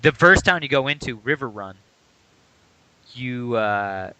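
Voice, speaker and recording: Bright-voiced man explaining a game. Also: medium pitch, expressive, measured pace, clean tone, dry recording, rough recording. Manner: explanatory, walks through game mechanics. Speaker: podcast co-host. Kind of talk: casual chat about a video game.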